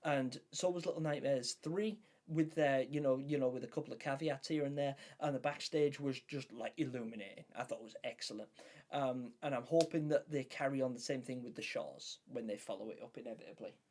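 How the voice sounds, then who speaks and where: A man's voice: medium pitch, a little fast, a little mellow. Chatty man hosting a live stream. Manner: chatty, enthusiastic, reads and answers chat. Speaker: livestream host. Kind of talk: casual live-stream chat.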